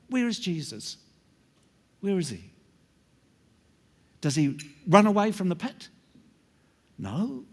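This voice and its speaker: A middle-aged male pastor preaches a sermon in a church, his voice a little high with vocal fry. At times he drops into hushed whispers for emphasis.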